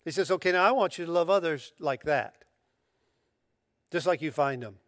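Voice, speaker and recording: A man's voice: on the high side, normal speed, no echo. Emphatic male preacher with a dry sound. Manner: emphatic, animated preaching with restarts. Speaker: pastor. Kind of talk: sermon.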